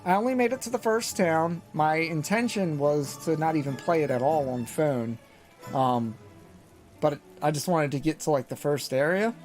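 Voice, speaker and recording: A man streaming a game live, chatting in a relaxed, casual way with fillers. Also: fairly high pitch, normal speed, faint music behind. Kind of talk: casual live gaming chat.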